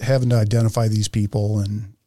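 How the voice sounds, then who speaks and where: A man's voice: on the low side, little pitch movement, fairly quick, warm tone, no room sound, clean studio sound. A man hosting a podcast, joking and swearing loosely in casual chat. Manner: profane, joking, brash. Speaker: podcast host.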